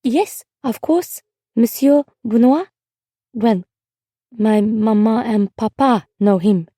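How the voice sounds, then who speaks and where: A woman narrator voicing a timid, earnest ten-year-old girl who speaks hesitantly and slowly. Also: fairly high pitch, warm tone, dry recording, clean studio sound. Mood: shy, tentative. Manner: hesitant, slow and careful.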